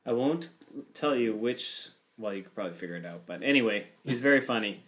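A man hosting a podcast, chatty with quick asides. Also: lowish voice, lively intonation, fairly bright tone. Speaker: podcast host. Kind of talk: casual chat.

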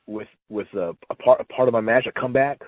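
A man's voice: medium pitch, fast talker, dry recording. Middle-aged guy telling stories, lots of um and uh, kinda muffled lo-fi sound. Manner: rambling, many fillers and restarts, acts out quotes. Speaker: retired wrestler guest. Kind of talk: casual storytelling.

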